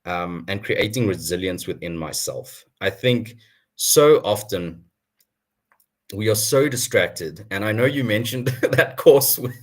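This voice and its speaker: Lively man, low voice. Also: unhurried. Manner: animated storytelling, chuckles often. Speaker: guest speaker. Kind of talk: personal career story at an online town hall.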